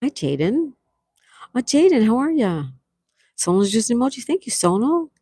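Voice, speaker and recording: A woman's voice: fairly high pitch, very animated, moderate pace, husky, dry recording, clean studio sound. A middle-aged woman hosting a casual outdoor livestream, reading viewer comments aloud and thanking them with sweet exclamations. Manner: soft-spoken with sweet exclamations. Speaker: livestream host. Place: outdoors near calm water.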